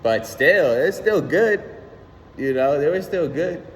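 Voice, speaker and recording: A young man ranting casually on his own channel, animated and slangy, swearing often and repeating "son". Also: fairly high pitch, slow pace, long reverb tail, a little hiss or hum. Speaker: vlogger. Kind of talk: casual rant.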